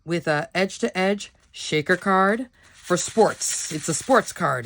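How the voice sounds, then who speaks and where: A woman's voice: medium pitch, expressive, takes it slowly, a little hiss or hum. A woman giving a casual, upbeat card-making product demo, chatty and often saying "like".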